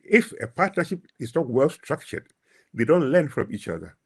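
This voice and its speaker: A man speaking as a panelist in a webinar, measured and full of hesitations, heard over a video call. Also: fairly high pitch, big pitch swings, husky.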